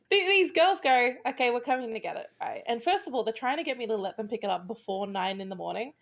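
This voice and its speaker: A woman's voice: on the high side, brisk, gravelly. A woman guesting on a casual podcast, telling blunt, wry stories with frequent laughs. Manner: blunt, wry storyteller who laughs often.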